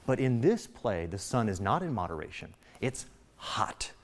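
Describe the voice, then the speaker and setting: A man teaching a recorded literature lesson in a chatty, lively way. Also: a little fast. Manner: reads quotes aloud in a high put-on voice.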